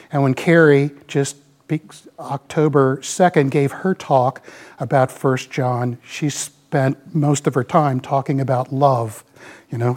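This man in his mid-sixties has a somewhat mellow voice on the high side. His informal church talk with slides is folksy and wandering, sprinkled with "you know."

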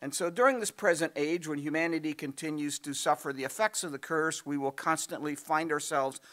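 A middle-aged man preaching a sermon in a conversational, storytelling way, full of fillers and restarts, his voice getting hoarse. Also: fairly high pitch, a little fast, fairly bright tone. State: losing his voice, clearing throat. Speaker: pastor.

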